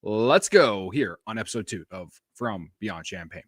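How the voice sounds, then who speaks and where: A young man from Illinois hosting a casual sports podcast, animated and self-mocking, rambling with restarts. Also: fairly low pitch, measured pace, no echo, studio quality. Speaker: podcast host.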